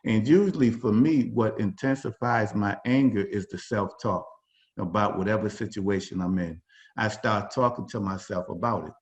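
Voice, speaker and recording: This workshop facilitator has a fairly low voice and speaks at a normal speed. He leads the session over a video call in loose, conversational talk packed with fillers and false starts, captured in dull lo-fi call audio.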